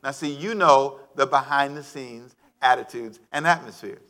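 A male pastor preaching a sermon, animated and calling on the congregation to answer back. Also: mid-range voice, normal speed.

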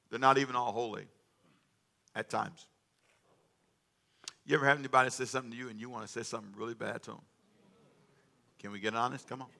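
A man preaching a sermon, calling for responses from the congregation and joking with them between loud, emphatic stretches. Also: medium pitch, gravelly. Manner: humorous asides to the congregation. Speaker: pastor. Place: church sanctuary.

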